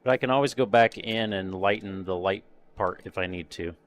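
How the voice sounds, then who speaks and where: Lowish-voiced man muttering over a model kit. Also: moderate pace. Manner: muttering to himself, trailing off, chuckling. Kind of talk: casual live-stream chatter while painting a model kit. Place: home workshop.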